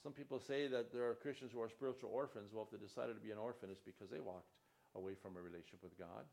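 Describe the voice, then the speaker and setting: Gravelly guy pastor preaching, reads verses out earnestly, gets louder on the big lines. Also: fairly low pitch, fast talker. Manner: earnest preaching, reads scripture aloud with rising emphasis. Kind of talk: sermon.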